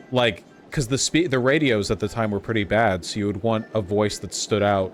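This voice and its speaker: An American man with a voice on the low side chats casually and cracks jokes at a normal pace while streaming a video game. Game music plays behind his gameplay commentary.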